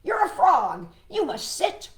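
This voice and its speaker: Storybook role: a bossy, rule-quoting cat, voiced by a woman, slow and firm. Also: very high voice, very animated, echoey room, voice pushed up, heavily acted.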